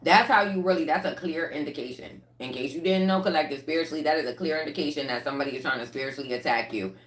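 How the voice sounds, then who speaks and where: A woman tarot reader talking to her viewers in a casual livestream reading, blunt and profane, with lively rants. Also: sits low, roomy sound.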